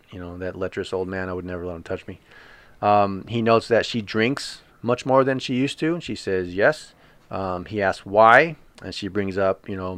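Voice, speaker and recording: Low-voiced man casually recapping. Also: a bit bright, smooth, no room sound. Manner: retells scenes with loose paraphrased quotes and many fillers. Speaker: podcast co-host recapping a TV episode. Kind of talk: casual chat.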